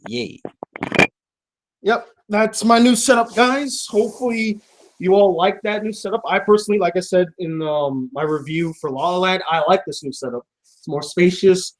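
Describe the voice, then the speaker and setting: A man's voice: sits high, moderate pace. A young man hosting a casual vlog, rambling, joking and swearing about his own mishaps as he reads fan mail at home. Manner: profane, joking, self-deprecating. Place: home room.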